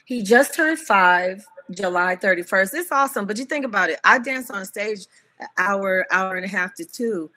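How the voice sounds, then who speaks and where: A woman in her fifties chats as a guest in a casual interview, telling stories with a laugh never far away. Her voice is bright and forceful, and she gets animated as she talks. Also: medium pitch, normal speed. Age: 50s.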